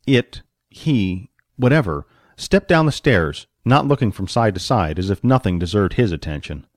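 A man narrating an audiobook story with expressive storytelling and varied pacing. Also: on the low side, moderate pace, dry recording, clean studio sound.

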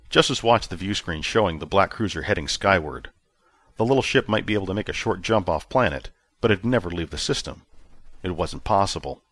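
A man reading a story as narrator, with clear, expressive storytelling. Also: deep voice, a little fast, no echo. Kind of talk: scripted narration.

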